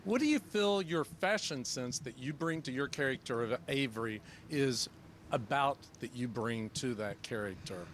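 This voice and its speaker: A man fan asking an actress a rambling, halting question. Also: mid-range voice, lively intonation, a bit bright, slight background noise.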